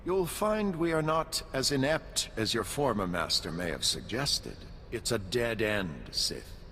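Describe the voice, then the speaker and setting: A dignified Jedi Master from a video game who speaks with calm, formal composure. His tone is bright and his pitch moves freely. The voice carries a long reverb. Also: unhurried, slight background noise, exaggerated voice.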